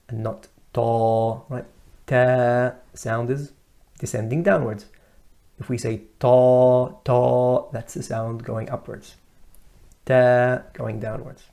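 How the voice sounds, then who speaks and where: Gravelly, mellow male tajweed teacher. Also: mid-range voice. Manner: sounds out letters loudly and slowly to contrast them. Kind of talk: recorded lesson.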